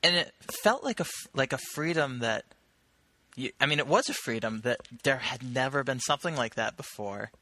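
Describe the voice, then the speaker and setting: A man's voice: mid-range voice, expressive, normal speed, sharp tone, no echo. A young man co-hosting a casual podcast, thoughtful and a little hesitant. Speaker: podcast co-host. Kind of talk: casual chat about video games.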